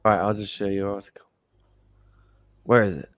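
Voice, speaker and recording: A man's voice: lowish voice, flat delivery, fairly quick. Tired joking male co-host. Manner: joking, swearing, wrapping up. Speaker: show co-host. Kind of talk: casual live watch-along chat.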